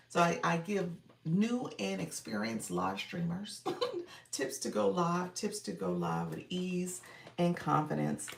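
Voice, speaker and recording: In a low voice with vocal fry, a woman streams live as a coach, casually chatting, laughing often, and calling out viewers by name. She's recorded from a distance in an echoey room, slightly off mic, with some faint hiss or hum.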